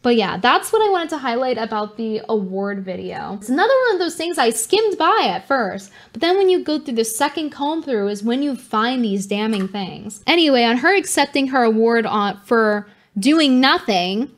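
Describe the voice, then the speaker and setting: A woman's voice: a little high, expressive, normal speed. A young woman streamer giving sarcastic commentary, slipping into mocking impressions. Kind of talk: livestream commentary.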